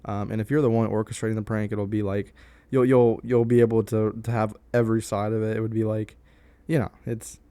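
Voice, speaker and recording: A man's voice: fairly low pitch, flat delivery, fairly quick, dark tone, clean tone, no room sound. A young man casually telling a story to the camera in a rambling way, with many fillers and restarts. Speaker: vlogger.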